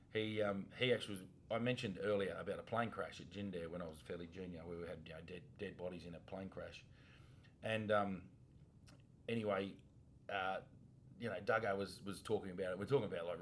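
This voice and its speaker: A man in his forties with an Australian accent, co-hosting a casual podcast as a former police officer, laid-back and quick to laugh. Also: low voice, slight background noise. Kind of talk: casual chat.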